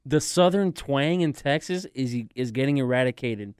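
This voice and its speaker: Smooth-voiced man in casual sports chat. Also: mid-range voice, moderate pace, no room sound, clean studio sound. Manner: chatty, laughs easily. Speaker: podcast co-host.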